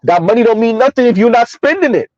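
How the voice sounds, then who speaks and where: Emphatic high-voiced man ranting on stream. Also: expressive, fast talker, a little mellow, no echo, muffled recording. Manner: emphatic, rambling, chuckling. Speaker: commentary channel host. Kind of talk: casual livestream commentary.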